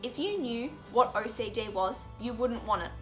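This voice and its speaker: A woman's voice: fairly high pitch, animated, normal speed, faint music behind. A young woman vlogging to camera, explaining earnestly and with plain frustration, often stressing words by repeating them.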